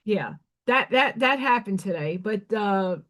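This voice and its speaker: With lively intonation and a fairly bright, medium-pitched voice, a Staten Island woman hosts a casual live stream where she reads oracle cards. She speaks a little slowly and bluntly, swears offhandedly, and keeps restarting sentences.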